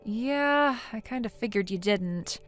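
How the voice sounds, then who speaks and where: A stern, lecturing young woman, as a synthetic voice puts her on, blunt and fed up with her friend's excuses. Her voice sits a little high and swings widely in pitch. Soft music plays faintly underneath the text-message story. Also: expressive, takes it slowly. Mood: scolding. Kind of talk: text-to-speech text story narration.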